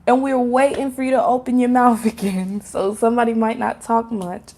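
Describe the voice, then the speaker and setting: A woman reads tarot cards for her viewers in a relaxed, rambling way. Her voice sits a little high and has a gravelly edge of vocal fry. She fills her talk with "like" and "um" and swears now and then. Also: moderate pace. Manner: chatty and loose, with frequent fillers, laughter and casual swearing; talks straight to viewers as "y'all". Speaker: tarot card reader. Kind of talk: casual pick-a-card tarot reading.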